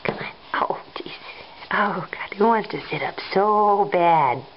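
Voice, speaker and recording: A mother talking baby talk to her infant, cooing in a sing-song way and sometimes dropping to a soft whisper, recorded on a home camcorder. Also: mid-range voice, unhurried, a little hiss or hum. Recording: dull lo-fi home video sound.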